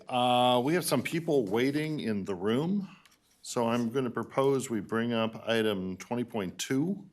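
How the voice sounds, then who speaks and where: A man serving as mayor, chairing a city council meeting in a relaxed, joking manner. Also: lowish voice. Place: council chamber.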